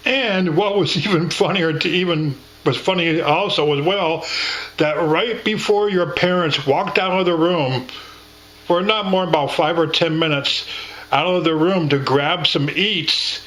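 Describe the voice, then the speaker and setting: A man's voice: on the high side, measured pace, a bit bright, low-quality recording. A man in casual conversation with his partner, rambling and blunt, with frequent swearing. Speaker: co-host recounting a shared memory.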